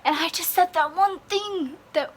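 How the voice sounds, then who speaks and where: Young woman, high voice, slow exasperated rant, sarcastic, faint hiss. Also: fairly bright tone. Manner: exasperated, sarcastic, swears and sighs a lot. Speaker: vlogger. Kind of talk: ranting vlog.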